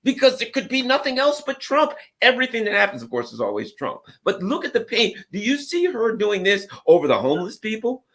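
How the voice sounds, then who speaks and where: Animated sarcastic man, high lively voice. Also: a little fast, few pauses. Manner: animated, sarcastic, mocking impressions. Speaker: guest commentator. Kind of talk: casual political talk.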